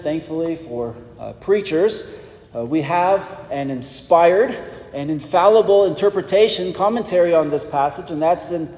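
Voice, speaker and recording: A man preaching a sermon in a measured, emphatic way with pauses for weight. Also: fairly high pitch, a little mellow. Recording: echoey church hall.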